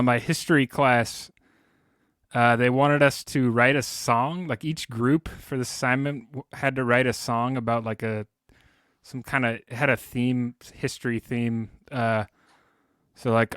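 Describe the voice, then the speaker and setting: A man's voice: mid-range voice, fairly bright tone, clean tone, no echo, clean studio sound. A man telling stories as a podcast guest in a laid-back, slangy, rambling way. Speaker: guest musician. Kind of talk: casual podcast chat.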